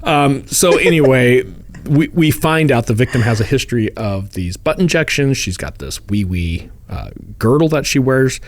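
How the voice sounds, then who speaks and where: A man's voice: mid-range voice, dry recording. A man co-hosting a true-crime podcast, retelling a case in a casual, joking way and slipping into voices for the people involved. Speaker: podcast co-host.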